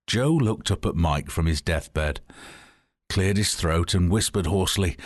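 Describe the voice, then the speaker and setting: Brief: very deep, husky man narrating a wry story, dry close recording. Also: slow pace, no room sound. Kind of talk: telling a joke as a story.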